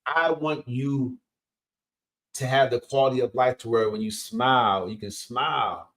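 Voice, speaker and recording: A man's voice: mid-range voice, measured pace. A man, a coach and host giving an emphatic, casual motivational talk. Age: 50s. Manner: energetic, emphatic, punchy interjections.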